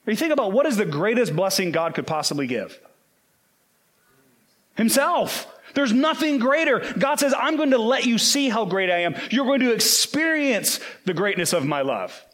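A man preaching a sermon, earnest and emphatic, slowing down to quote scripture. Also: high voice, big pitch swings, fairly bright tone.

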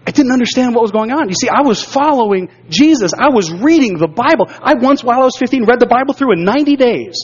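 A man with a fairly high voice preaching from the pulpit, weaving a personal testimony into his sermon. He speaks earnestly and stumbles into repeated words when the memory hits hard. The sound is dull and lo-fi. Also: lively intonation, fast talker, hardly any pauses, slightly rough, in a large hall. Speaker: pastor.

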